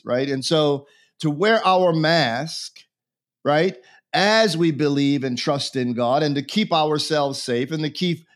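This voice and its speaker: A bishop being interviewed, a man who talks in an earnest, preacherly way and repeats phrases for emphasis. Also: on the high side. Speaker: bishop, guest. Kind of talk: conversational religious interview.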